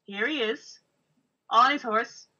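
Film co-host: woman, fairly high husky voice, sarcastic and giggly, dull lo-fi audio. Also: sharp tone. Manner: giggly, sarcastic, quick to laugh. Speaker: movie watch-along co-host. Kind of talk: casual commentary over a film.

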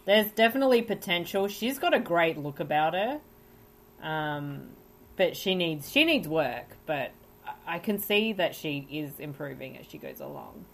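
Hesitant low-voiced woman. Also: very animated, normal speed. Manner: hesitant, many "um"s. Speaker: podcast co-host. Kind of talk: casual chat.

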